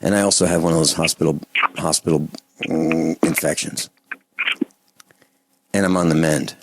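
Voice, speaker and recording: A man hosting a call-in radio talk show, delivering an impassioned, indignant rant that swings between loud outbursts and low muttering. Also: fairly even intonation, moderate pace, a little hiss or hum.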